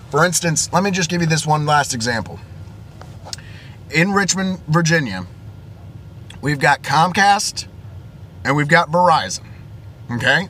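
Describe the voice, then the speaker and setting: A man's voice: fairly high pitch, expressive, takes it slowly, pauses often, bright, forceful tone, slight background noise. A young man, an IT technician, ranting in a flustered, exasperated way and stumbling over his words. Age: young adult. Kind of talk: heated vlog rant.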